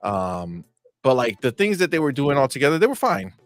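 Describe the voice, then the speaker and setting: A man's voice: medium pitch, big pitch swings, a little fast, no echo, soft background music. A man as a podcast guest, talking earnestly and with enthusiasm. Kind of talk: casual chat.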